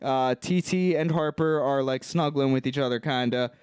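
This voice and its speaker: A man co-hosting a comedy podcast, walking through a movie's plot in loose, joking chat. His voice sits at an ordinary middle pitch and sounds smooth and clean. He is recorded close and dry, with no room sound. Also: moderate pace, no echo. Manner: animated retelling, mocking voices for characters. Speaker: podcast co-host. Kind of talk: casual comedic movie recap.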